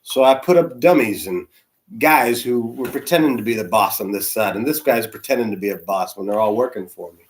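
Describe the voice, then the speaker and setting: A man, a church's senior spiritual leader, preaching in a conversational, animated storytelling way with soft asides. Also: on the low side, fairly quick. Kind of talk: storytelling sermon.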